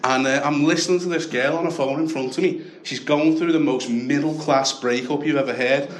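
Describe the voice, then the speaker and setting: A young man with a Liverpool accent doing a stand-up set, telling stories deadpan and then shouting the punchlines. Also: on the high side, brisk. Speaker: stand-up comedian. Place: comedy club stage with a laughing audience. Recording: echoey club with audience laughter.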